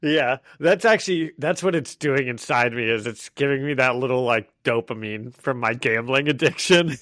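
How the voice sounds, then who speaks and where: A man's voice: medium pitch, a bit bright, dry recording, studio quality. A man co-hosting a podcast in casual chat, rambling and filling his talk with "like". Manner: rambling with many "like" fillers, quick to laugh. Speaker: podcast co-host.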